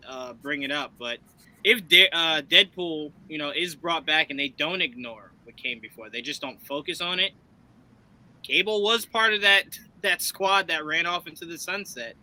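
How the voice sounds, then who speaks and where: Male host, high bright voice, animated, laughs a lot, swears. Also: normal speed, low-quality recording. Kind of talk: casual live-stream chat.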